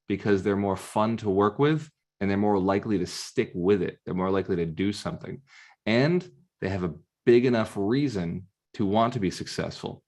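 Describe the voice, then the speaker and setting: A man with a somewhat low voice drives a motivational coaching session in short, punchy bursts. He throws rhetorical questions straight at his students. He is talking through a computer mic on a video call. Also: a little mellow. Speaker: real estate mentor.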